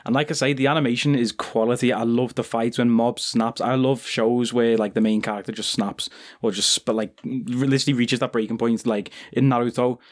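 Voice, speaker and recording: A young man hosting an anime reaction video, talking casually and excitably with lots of slang and fillers. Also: medium pitch, fairly quick. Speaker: anime reaction channel host.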